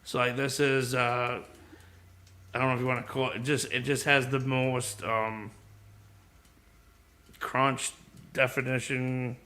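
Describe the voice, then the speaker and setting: A man's voice: medium pitch, little pitch movement, measured pace, long pauses, pushed and bright. A man casually rambling about his guitars and pickups on a live stream, with easygoing talk and the odd swear word.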